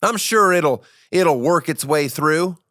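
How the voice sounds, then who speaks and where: A man putting on a high, chirpy host voice. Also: expressive, slow pace, a bit bright, no room sound, studio quality. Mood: defensive. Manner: bouncy, over-cheerful host patter. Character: man in an odd high-pitched show-opener voice.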